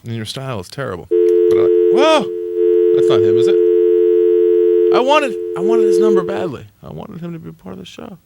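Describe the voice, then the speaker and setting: A man hosting a late-night radio aftershow from a studio, animated and sarcastic, cursing freely and teasing callers. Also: high voice, moderate pace, gravelly, long pauses, very noisy. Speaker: radio show host.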